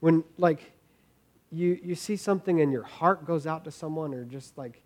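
A man's voice: on the high side, moderate pace, darkish tone. Earnest man preaching a casual sermon. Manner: earnest, informal, repeats words as he goes. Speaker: pastor. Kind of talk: conversational sermon.

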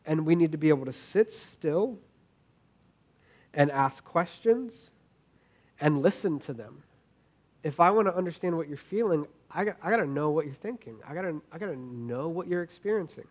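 A man's voice: fairly high pitch, expressive, normal speed. A man in his thirties giving a conversational sermon as a pastor, earnest and informal, often repeating words as he thinks aloud.

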